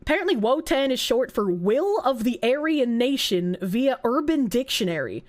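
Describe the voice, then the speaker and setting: A young woman with a Boston accent, streaming and chatting casually with her live chat, her voice a little rough from being sick, swearing and often breaking into high squeals. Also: moderate pace. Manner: animated, swearing, frequent laughter, jumps to high squeals.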